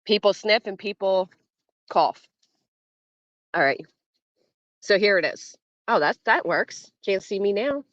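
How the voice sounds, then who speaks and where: A woman's voice: medium pitch, slow pace, long pauses, fairly bright tone, no room sound, highs cut off. A woman hosting a casual livestream from home, chatting with her viewers and reacting to the chat in a blunt, foul-mouthed way, laughing often. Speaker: livestream host. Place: at home, early morning.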